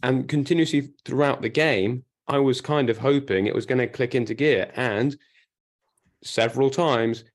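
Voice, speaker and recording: A man's voice: medium pitch, moderate pace. A man co-hosting a casual sports podcast, talkative and emphatic, often restarting his sentences. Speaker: podcast co-host. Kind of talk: casual chat.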